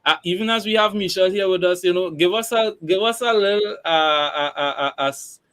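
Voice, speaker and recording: A man's voice: high-pitched, fairly quick, a bit bright, clean tone. A man hosting a casual interview, encouraging his guests with lots of fillers and restarts. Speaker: interview host.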